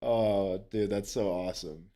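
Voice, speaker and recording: A man chatting casually on a live game stream, excitable, laughing often and swearing casually as he talks to viewers. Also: fairly low pitch, measured pace. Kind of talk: casual live-stream chat while gaming.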